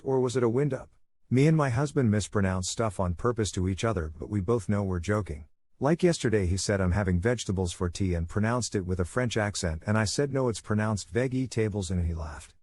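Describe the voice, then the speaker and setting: Male narrator, deep and low, reading posts and comments straight through. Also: a little mellow, slight background noise. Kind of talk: scripted narration.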